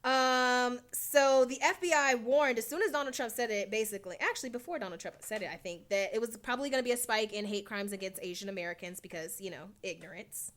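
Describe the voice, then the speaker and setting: Podcast lady, fairly high voice, gets heated and animated, lots of ums and likes. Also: quick pace, hardly any pauses. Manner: animated, indignant commentary with fillers. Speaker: podcast co-host. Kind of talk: casual chat.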